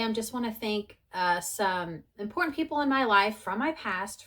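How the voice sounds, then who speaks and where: A woman in her forties speaks in a chatty, earnest tone in a personal vlog. Her voice sits at a middle pitch, and her talk is full of fillers and restarts. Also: fairly bright tone. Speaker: vlogger sharing her conversion story.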